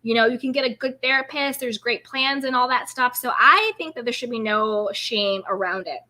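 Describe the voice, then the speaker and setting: Upbeat woman life coach hosting a live stream, bright and somewhat high voice, casual and encouraging. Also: normal speed. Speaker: self-care coach and live-stream host.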